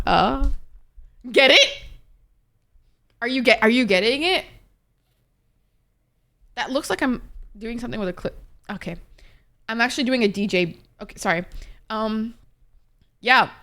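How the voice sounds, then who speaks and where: A young woman streamer chatting casually with her viewers, expressive and talkative, swearing freely. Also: mid-range voice. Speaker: Twitch streamer. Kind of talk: casual livestream chat with viewers.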